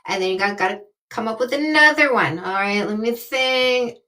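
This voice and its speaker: A woman's voice: fairly high pitch, normal speed, bright, forceful tone, poor audio. Blunt, emphatic woman in her fifties. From Canada. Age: 50s. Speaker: dating coach. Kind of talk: live coaching call.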